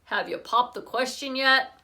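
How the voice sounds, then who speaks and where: A woman reading aloud, voicing a kindly grandfather who speaks gently and patiently. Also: high voice, fairly even intonation, a little slow.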